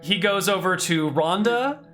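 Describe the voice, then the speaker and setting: A woman running a tabletop game as game master, narrating casually with quick amused asides. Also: medium pitch, expressive, soft background music.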